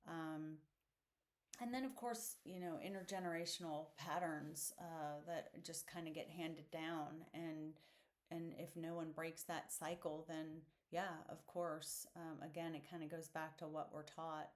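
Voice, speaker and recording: A woman with a low, steady voice hosts a podcast, giving a reflective solo monologue. She speaks earnestly and candidly, unhurried and thoughtful, with plenty of fillers.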